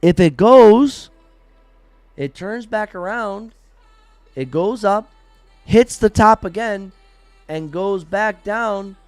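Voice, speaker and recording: A man streams a live trading lesson, talking bluntly and swearing freely as he acts out traders' panic and regret. His voice sits a little high for a man. The sound is dry and close, with faint music playing underneath. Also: no echo. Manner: blunt, profane, animated, acts out traders' reactions. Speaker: trading livestream host.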